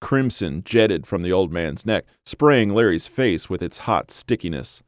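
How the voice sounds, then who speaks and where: A man narrates a grim horror story in a measured, dramatic voice. His voice is very low, and the recording is dry and close, with no echo at all. Each line is paced and weighted for suspense. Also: animated.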